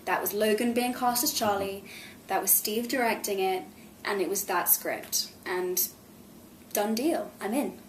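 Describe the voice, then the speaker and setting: A woman's voice: mid-range voice, unhurried, slight background noise. A young adult woman, an actress, talking chattily and effusively as a guest in a candid press interview. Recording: roomy echo.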